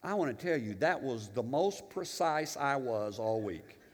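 A male pastor preaching a sermon, animated and emphatic, with humorous asides and storytelling. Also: mid-range voice, measured pace, big-room sound, slight background noise.

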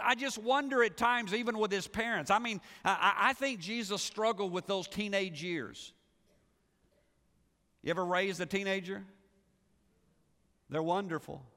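A pastor delivering a conversational sermon, with frequent restarts and rhetorical questions to the congregation. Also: male voice, high-pitched, bright, forceful tone, in a large hall.

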